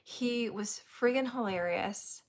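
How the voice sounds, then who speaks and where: A woman host telling a story in casual chat, animated, laughing often and acting out what others said. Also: on the high side, takes it slowly.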